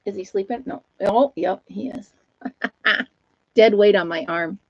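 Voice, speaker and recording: A woman's voice: mid-range voice, measured pace, no room sound, highs cut off. A middle-aged woman with an Upstate New York accent, hosting a casual live chat, laughing often and talking to her dog and viewers. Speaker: livestream host.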